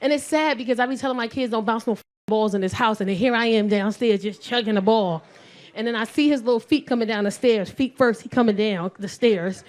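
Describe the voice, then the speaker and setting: Loud high-voiced New York woman comic. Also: brisk. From South Bronx, New York. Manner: loud, animated, shouting punchlines, acting out both sides. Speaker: stand-up comedian. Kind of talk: stand-up comedy.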